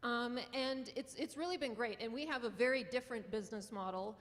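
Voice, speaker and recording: A slightly high, fairly quick female voice carries a long reverb tail through a lecture hall. The speaker, a Western North Dakota journalism professor and newspaper publisher with a North Dakota accent, gives an earnest, impassioned conference talk punctuated by small laughs.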